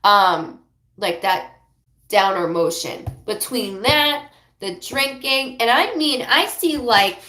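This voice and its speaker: A woman doing a live psychic reading who rambles, apologizes often and passes on messages in quick bursts. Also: fairly high pitch, expressive, pushed and bright, roomy sound. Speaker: psychic medium.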